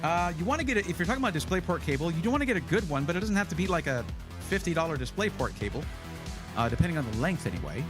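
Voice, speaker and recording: A man's voice: on the high side, very animated, rapid-fire, over music. A man hosting a casual livestream, chatty and rambling, often correcting himself as he talks. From United States. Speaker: livestream host.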